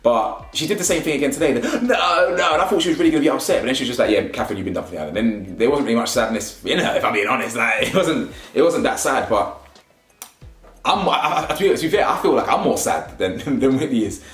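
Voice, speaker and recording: A young man, giving a slangy, animated casual review of a reality show and laughing often. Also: medium pitch, fast talker. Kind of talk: casual commentary. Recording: roomy echo, faint music.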